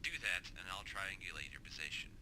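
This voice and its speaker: A man's voice: low voice, brisk, crowd noise. An actor playing a blunt male radio handler who coaches a lost partner, curt and swearing, heard over a radio transmission in a video game. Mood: tense.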